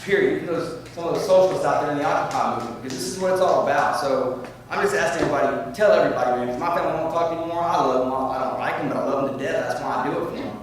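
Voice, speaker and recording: A man speaking at a public forum, rambling and growing loud and heated as he makes his comments. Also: a little high, racing, few pauses, slight background noise. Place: meeting room. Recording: echoey room from far off.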